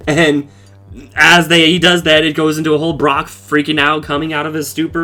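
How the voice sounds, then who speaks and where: A man's voice: on the high side, level tone, fairly quick, sharp tone, soft background music. A man casually recapping a cartoon episode for his podcast, talking loosely with lots of swearing and fillers. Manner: loose and profane, with frequent fillers and laughs.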